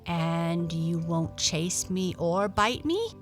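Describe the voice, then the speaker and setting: A woman's voice: on the low side, expressive, takes it slowly, soft background music. A woman voicing a small, timid female cat who is tired and hungry, speaking in a pleading, earnest way.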